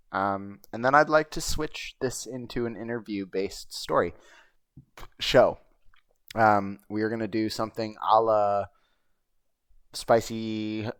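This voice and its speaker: Talking over a video he plays, this host rambles in a chatty way, full of fillers, swearing now and then. His voice is low-leaning and smooth, and the recording is dry.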